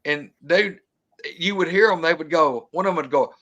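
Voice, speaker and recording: A guest with a drawl casually recounts a tense outdoor encounter in relaxed, colloquial speech at normal speed. His voice sits somewhat high for a man, and he grows animated, imitating the sounds he describes.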